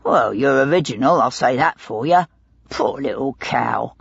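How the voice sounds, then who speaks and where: Casting: woman doing a hulking rough man, husky and low, muffled audiobook sound. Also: expressive, measured pace, no room sound, exaggerated voice. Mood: sullen. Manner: rough, belligerent, coarse slang. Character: burly gruff male London lodging-house man.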